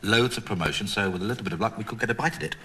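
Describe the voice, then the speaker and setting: A man's voice: lowish voice, very fast, very noisy, lightly acted. An actor playing a genial, apologetic middle-aged father in a sitcom. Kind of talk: sitcom acting.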